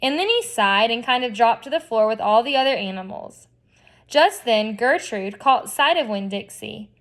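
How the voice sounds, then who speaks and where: Expressive female reader of a children's novel, slightly high, chatty asides. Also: normal speed. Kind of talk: reading a children's novel aloud.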